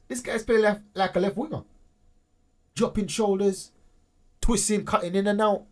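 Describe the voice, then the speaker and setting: A man hosting a fan channel, commenting casually and excitedly over highlight clips, often repeating himself and restarting sentences. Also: moderate pace, pauses often. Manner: excitable, repeats phrases, many restarts and fillers. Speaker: football fan channel host.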